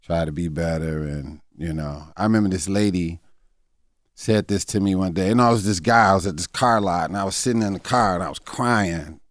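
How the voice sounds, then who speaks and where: A man in his fifties with a very deep voice speaks as a comedian guest in a candid interview. His talk is halting and reflective, full of fillers and restarts. The studio sound is dry and close, with no room echo. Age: 50s.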